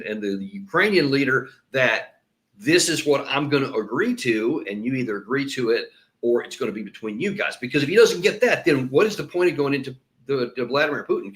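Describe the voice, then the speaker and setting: A man's voice: medium pitch, fairly bright tone. Emphatic man commenting. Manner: emphatic, repeats words when stressing a point; breaks off sentences and restarts, says "uh". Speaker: host and commentator. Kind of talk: solo political commentary with played clips.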